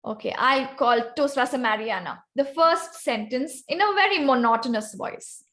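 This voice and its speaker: Animated and high-pitched, with a slightly bright tone, this woman speaks at a moderate pace in an Indian accent. As a guest presenter at an online club workshop, she teaches vocal variety and calls volunteers up by name.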